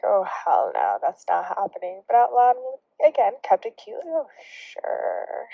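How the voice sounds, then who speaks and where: A woman's voice: medium pitch, dry recording. A young woman vlogger telling a story in a casual, sarcastic way, laughing and dropping into whispered asides. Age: young adult. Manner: drops into hushed, whispery remarks. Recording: dry, dull lo-fi recording.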